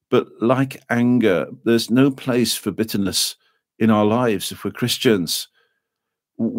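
A middle-aged man preaching a sermon, earnest and measured, slowing down to dwell on scripture quotations. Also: fairly low pitch, dry recording. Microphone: podcast microphone.

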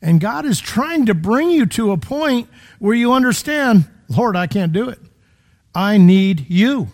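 A man preaching a sermon in a conversational, emphatic way, full of rhetorical questions, in a church. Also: high-pitched.

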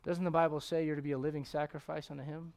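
A middle-aged man preaching a sermon as pastor, animated, swinging from loud exclamations to hushed tones and acting out voices in his stories. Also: a little high, quick pace. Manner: acts out voices in his stories, chuckles often.

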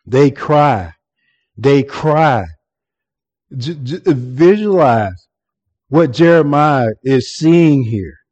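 Slow, earnest male preacher. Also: mid-range voice, lively intonation, darkish tone, muffled recording. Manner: earnest, repeats words and restarts often. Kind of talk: expository sermon.

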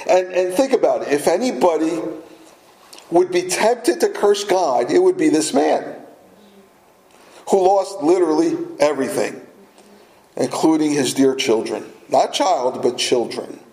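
A man's voice: a little high, a little slow, warm tone, reverberant, rough recording. A man preaching a sermon as a pastor, earnest and repeating key phrases for emphasis.

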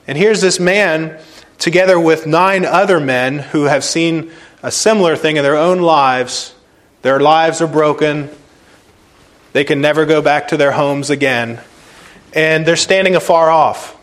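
Preaching with emphasis in a somewhat high voice, a male pastor repeats phrases and swings between loud, stressed words and quiet, slow points.

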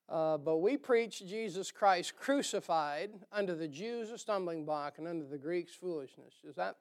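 Folksy nasal preacher with northern accent. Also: male voice, sits high, creaky. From northern United States. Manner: folksy, rambling, jokey asides. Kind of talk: sermon. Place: church.

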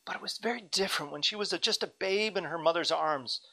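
Male pastor, thirties, earnest dynamic preacher, crisp bright tone. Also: high voice, quick pace, poor audio. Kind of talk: sermon.

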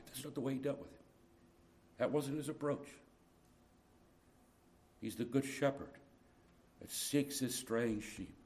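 A man's voice: medium pitch, expressive, unhurried, long pauses. Man preaching with rising urgency. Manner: earnest, swings from hushed tenderness to loud urgent appeals. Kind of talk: sermon.

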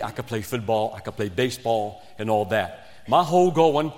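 A man from Virginia, preaching a revival sermon and telling a story with swings between loud emphasis and quiet asides. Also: fairly low pitch, a little fast. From West Virginia. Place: church sanctuary. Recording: long reverb of a church hall.

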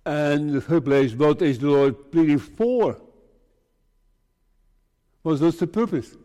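A man preaching a sermon to his congregation, speaking slowly in short, measured phrases. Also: a little high, dark tone. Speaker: pastor. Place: church. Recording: reverberant church hall.

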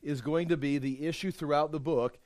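A man's voice: a little high, fairly even intonation, brisk, a little mellow, no room sound, studio quality. A man teaching a Bible study in a conversational, emphatic way, often restarting his sentences. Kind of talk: informal Bible study sermon.

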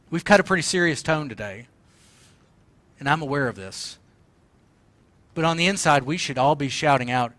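A man's voice: a little high, normal speed, pauses often, pushed and bright, dry recording. A man preaching a sermon, passionate and emphatic, at times crying out the words he quotes. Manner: impassioned, crying out quoted lines. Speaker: pastor.

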